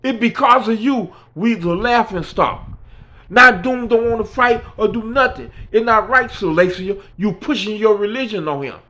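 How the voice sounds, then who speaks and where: A man voicing a young male college friend who pleads in a high, tearful voice. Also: very animated, a little slow, a bit bright, heavily acted. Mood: upset.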